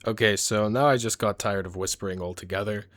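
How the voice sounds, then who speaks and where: A man's voice: lowish voice, fairly even intonation, fairly quick, a bit bright, no room sound, clean studio sound. A man giving comedic reaction commentary on videos, joking and mock-outraged.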